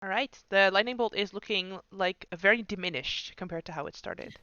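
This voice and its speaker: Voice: mid-range voice, animated, normal speed, sharp tone, smooth, no room sound, dull audio. A game master patiently talking players through an online tabletop game over a computer mic.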